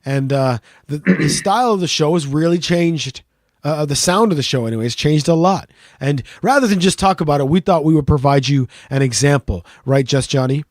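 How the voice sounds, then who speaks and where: A middle-aged man co-hosting a podcast, telling stories in animated casual banter and swearing freely. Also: fairly high pitch, brisk, dry recording, studio quality. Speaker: podcast co-host.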